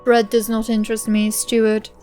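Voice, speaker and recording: Woman doing a proud old wizard, weary and insistent, a bit high-voiced, light music behind. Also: monotone, moderate pace, warm tone, natural voice. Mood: grave. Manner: formal, grave, insistent.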